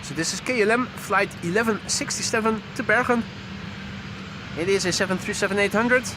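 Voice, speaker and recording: Pitched high and moving a little fast, this man's voice carries over background noise as he streams live from beside an airport runway. He narrates flight details for plane spotters, slipping in wry quips.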